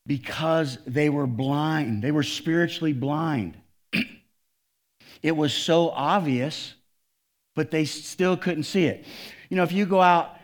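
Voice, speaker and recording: A male pastor preaching a sermon, swinging from loud, emphatic lines to quiet, low asides.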